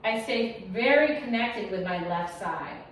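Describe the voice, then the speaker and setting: Unhurried and mid-range, with lively intonation and some vocal fry, this Pilates instructor talks her class through breaths and counts. She's chatty and encouraging, tossing in little jokes, while the distant mic picks up an echoey room and heavy background noise.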